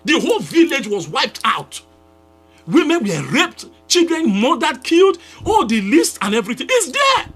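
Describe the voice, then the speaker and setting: A man who is a Nigerian pastor, giving a fiery, accusatory live address with a Nigerian English accent. He repeats his demands and often breaks into shouting. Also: very high-pitched, wildly swooping pitch, moderate pace, soft background music.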